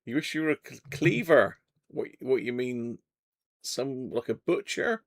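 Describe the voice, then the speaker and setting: Chatty man, gravelly voice. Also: mid-range voice, expressive, measured pace. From Devon, England. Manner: chatty, jokey, reads out viewer comments. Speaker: livestream host. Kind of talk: casual live chat. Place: home radio workshop.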